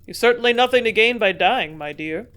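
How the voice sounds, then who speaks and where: A woman voicing a scheming army major from an audiobook, speaking loud and brusque. He mocks and scolds in a forceful, impatient manner. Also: fairly high pitch, lively intonation, fairly quick, voice pushed up. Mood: mocking. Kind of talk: audiobook character reading.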